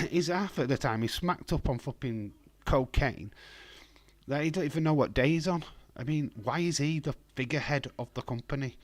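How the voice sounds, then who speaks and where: A man with a hoarse voice, hosting a casual live stream from home and talking in a blunt, rambling way. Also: mid-range voice, normal speed. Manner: blunt, rambling, profane, reads chat aloud.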